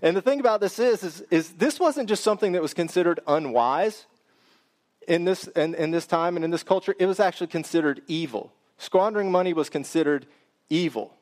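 A man's voice: sits high, expressive, a little fast, a little mellow. A man preaching a sermon, reading scripture and then explaining it in a conversational way that speaks directly to the congregation.

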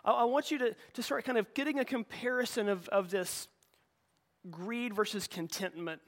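In a church sanctuary, a middle-aged male pastor preaches a sermon with a high-sitting, fairly bright voice at a moderate pace. His delivery is conversational, with frequent repeated words and restarts.

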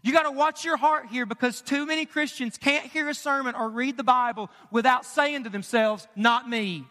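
A male pastor delivers his sermon in a very high, sharp, forceful voice. He talks emphatically and conversationally, tossing out rhetorical questions and jokes. His voice rings through a church with a long reverb tail. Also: moderate pace. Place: church sanctuary.

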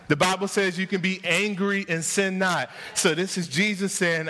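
A man's voice: a little high, measured pace, bright, forceful tone. A man preaching a sermon to his congregation, rousing them with repeated rhetorical questions. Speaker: pastor. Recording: long hall reverb.

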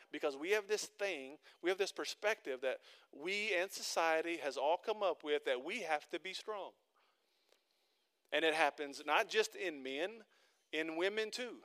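A man's voice: a little high, fairly bright tone, clean tone. A man preaching a sermon as pastor, telling everyday stories and building into emphatic, repeated calls to his congregation. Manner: conversational storytelling that builds into emphatic repeated exhortation. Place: church.

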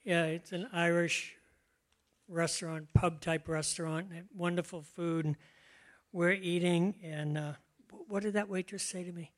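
An older pastor speaks in a relaxed, chatty way, laughing often. His voice sits fairly high, and he takes his time, drawing out the words he wants to stress. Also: unhurried. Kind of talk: conversational sermon.

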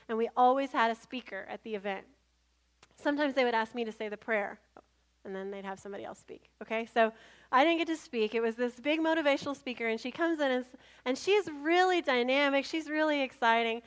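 A woman pastor preaching a sermon, telling stories in a humorous, animated way. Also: fairly high pitch.

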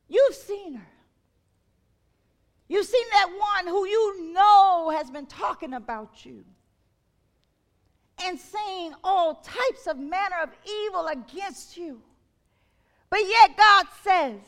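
High-voiced woman preaching a slow sermon. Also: a bit bright. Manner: impassioned, rising and falling, calls out questions.

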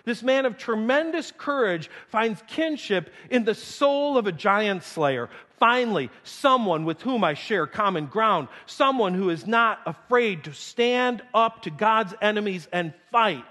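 Lively high-voiced preacher in a reverberant hall. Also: male voice, unhurried, few pauses. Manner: animated, humorous, acts out scripture quotes. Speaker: pastor. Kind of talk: sermon. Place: church sanctuary. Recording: long reverb of a large hall.

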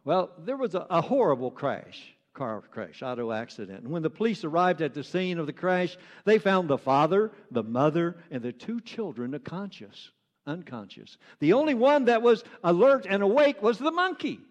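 Preaching earnestly in a church hall where his words echo with long reverb, a male pastor with a strikingly high voice repeats phrases to hammer his points home. His pitch swings widely, and he speaks at a normal speed.

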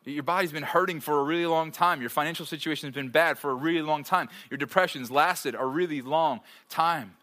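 A man's voice: a little high, fairly quick, few pauses, bright, forceful tone. A man in his thirties, a pastor preaching to a live church audience in a conversational way, with frequent rhetorical checks and joking asides. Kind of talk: sermon.

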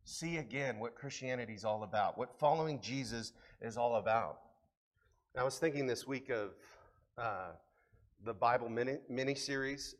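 A man preaching a sermon as pastor, conversational and earnest, rising to emphatic peaks. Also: mid-range voice.

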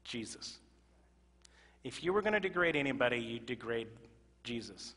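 A male pastor preaching a sermon to his congregation, moving from loud emphatic exclamations to quiet, earnest asides. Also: medium pitch, expressive, fast. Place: church sanctuary. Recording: reverberant church hall.

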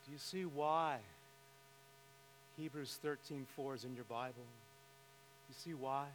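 A faint mains hum and hall reverb accompany this middle-aged pastor as he preaches in a church sanctuary, telling a story and pushing his voice up for emphasis. His pitch is medium and his pace a little slow.

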